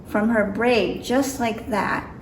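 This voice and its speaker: A woman's voice: fairly high pitch, takes it slowly, a little hiss or hum. A woman reading a picture book aloud with careful, slightly nervous delivery. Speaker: storybook reader. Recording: roomy echo, mic far off.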